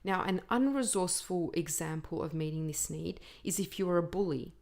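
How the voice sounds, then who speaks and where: A woman hosting a self-help podcast, speaking in a deliberate, earnest way and pausing between the items of her lists. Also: on the low side, darkish tone. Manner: puts on a playful imitation voice for a quoted speaker. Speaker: podcast host.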